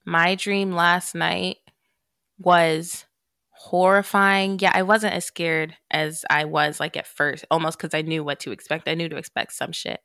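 Woman, podcast host, casual chat, lower pitch, dry close sound, swears and laughs while storytelling. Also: level tone, measured pace, pushed and bright, clear, resonant tone, no echo.

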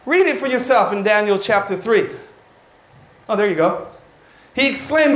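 A man, preaching a lively, exclaiming sermon to his church. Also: very high voice, moderate pace. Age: 40s. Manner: animated, exclaiming, drops in Tagalog words. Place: church hall. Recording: roomy church hall.

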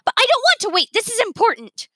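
A woman's voice: extremely high pitch, big pitch swings, quick pace, bright, forceful tone, no room sound, clean studio sound, voice pushed up, heavily acted. A woman reading a storybook aloud, voicing a spoiled little girl who whines and demands. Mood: whiny. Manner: whining, demanding.

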